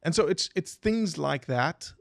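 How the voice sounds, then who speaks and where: A biologist appears as a guest on a podcast, his fairly high male voice moving a little slowly with some vocal fry. He tells stories and quizzes the hosts, explaining things with animation and putting questions to listeners. The recording is dry and studio quality, in a podcast interview storytelling style.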